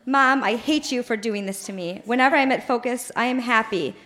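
On stage at a live bar venue, a woman reads her teenage journal aloud in a fairly high, brisk, slightly bright voice. Her delivery is pleading and melodramatic, full of teen outbursts.

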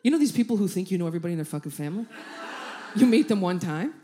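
Lively swearing woman telling a story. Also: fairly low pitch, very fast, slight background noise. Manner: animated, swears, laughs through lines, acts out quoted voices. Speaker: comedian. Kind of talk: stand-up storytelling.

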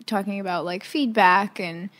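A woman's voice: mid-range voice, fairly even intonation, moderate pace, fairly bright tone. A woman on a podcast team, chatting casually in an easygoing way and often saying "like". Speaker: podcast team member, note-taker.

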